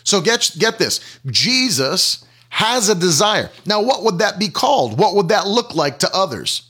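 A man delivers a sermon, teaching with questions and plain examples. His voice rides a little high and moves up and down a great deal. He repeats key phrases to drive them home. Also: very animated, measured pace, pushed and bright, breathy edge. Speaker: preacher.

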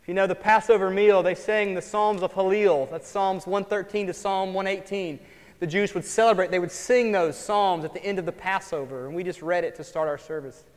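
A man preaching a sermon as pastor, swinging between loud emphatic lines and quiet, wry asides. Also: high-pitched, steady tone, a little fast. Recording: long hall reverb.

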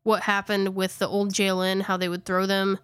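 A woman podcast host casually recaps a ghost-hunting video, slightly out of breath and full of fillers and self-corrections. Her mid-range voice is monotone, clear and resonant at a moderate pace, with no room sound.

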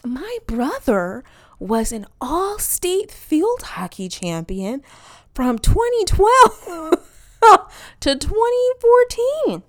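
A bubbly, fake-polite small-talk voice with a Canadian-sounding lilt, put on by a woman. It rides high and sing-song, drawing out its words brightly. The pitch jumps well above her normal voice. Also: very animated, very slow, exaggerated voice. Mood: chirpy. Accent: Canadian-sounding, as she says. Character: chirpy fake-polite white woman on a call.

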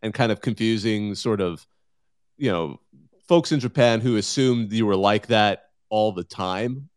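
A male podcast host asking a guest a question, lively and a bit hesitant as he frames it. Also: fairly low pitch, unhurried, clear, resonant tone, dry recording, studio quality. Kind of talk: interview questions.

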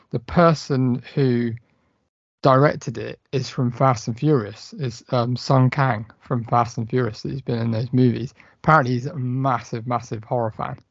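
Gravelly podcast host. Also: male voice, mid-range voice, dry recording, highs cut off. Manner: rambling, with many fillers. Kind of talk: casual film chat.

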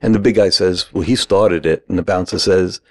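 A middle-aged man from New York, casually telling a lively anecdote and acting out the quoted lines. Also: deep voice, brisk, no echo. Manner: animated anecdote-teller, acts out quoted lines. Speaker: guest. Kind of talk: casual storytelling.

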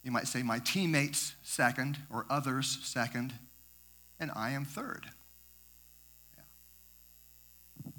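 A man's voice: mid-range voice, measured pace, sharp tone. An older man and grandfather, telling a rambling devotional story with many repeats and asides. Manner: rambling, repeats words, self-correcting asides. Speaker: speaker sharing a devotional story. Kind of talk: informal sermon storytelling.

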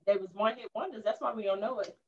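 A woman in casual chat over a music quiz, animated and slangy, laughing as she talks. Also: fairly high pitch, very fast, a crowd in the background. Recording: dull lo-fi sound.

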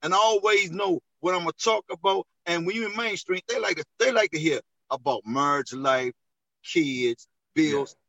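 Man, high voice, bright, veteran comedian, casual chat, repeats himself for emphasis. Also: normal speed, no room sound, dull audio. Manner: preachy, repeats phrases for emphasis.

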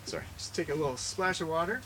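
A man's voice: fairly high pitch, fast talker. Guy chef rambling thru a cooking class, lots of ums, noisy room. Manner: rambling, chatty, many fillers and restarts. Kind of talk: casual live cooking demonstration. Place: farm kitchen class with audience.

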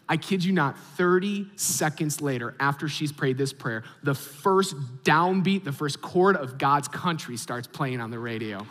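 Animated pastor preaching in a reverberant hall. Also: male voice, high voice, moderate pace. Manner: animated storytelling, acts out his own reactions. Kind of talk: sermon.

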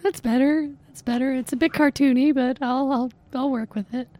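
High, mellow-voiced woman teasing a caller. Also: fairly even intonation, moderate pace. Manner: teasing, bossy, mock-seductive. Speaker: prank caller, podcast host. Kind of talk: comedic prank phone call.

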